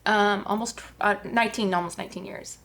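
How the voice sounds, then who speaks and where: A woman's voice: medium pitch, steady tone, a little fast, a bit bright, slight background noise. A woman, a guest giving an earnest personal testimony with many fillers. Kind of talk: personal testimony on a talk show.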